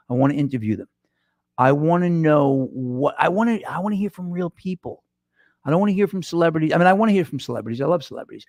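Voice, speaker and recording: In a dry, studio-quality recording, a middle-aged man hosts his podcast alone, rambling to listeners with plenty of self-deprecation and false starts. His voice is a little high with vocal fry. The mic sits in front of him.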